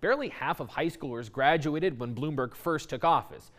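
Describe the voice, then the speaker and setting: A man delivering a news report, reading a measured, clear explainer. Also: fairly high pitch, expressive, a bit bright.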